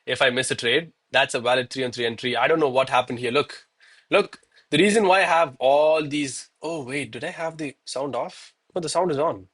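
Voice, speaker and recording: On his live trading stream, a South Indian gold trader berates himself casually and with exasperation, with plenty of "bro" and "man" thrown in. He talks fairly quickly in a mid-range voice that's fairly bright and slightly rough.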